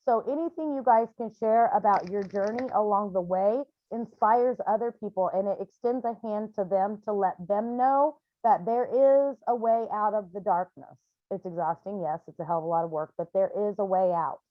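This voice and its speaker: A woman's voice: mid-range voice, normal speed, no echo, muffled recording. Candid, chatty woman on a video call. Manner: candid and chatty, with frequent "um" and restarts. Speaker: healing group leader. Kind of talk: casual talk on a video call.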